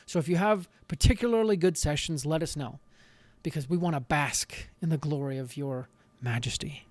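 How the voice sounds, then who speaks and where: A man hosting a podcast, giving earnest, animated advice in a solo talk with frequent restarts. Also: on the high side, moderate pace, no room sound. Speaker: podcast host.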